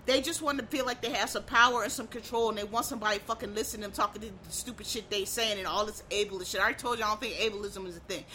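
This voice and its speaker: Blunt ranting woman, sharp bright voice. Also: mid-range voice, slight background noise. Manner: blunt, heated, swearing freely, rising to shouts; frequent restarts and stammered repeats. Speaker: vlogger. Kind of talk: profane ranting monologue.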